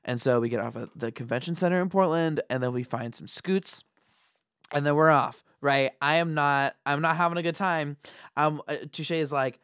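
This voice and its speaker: A woman co-hosting a podcast, telling a story in casual chat, animated, laughing often and swearing. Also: deep voice, moderate pace, no echo, clean studio sound. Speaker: podcast co-host.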